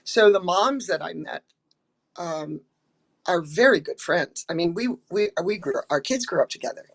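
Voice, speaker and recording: An older American actress with a lowish, animated voice speaks at a moderate pace, telling stories in a casual interview. Her chatty delivery is full of ums and restarts, and she acts out quotes.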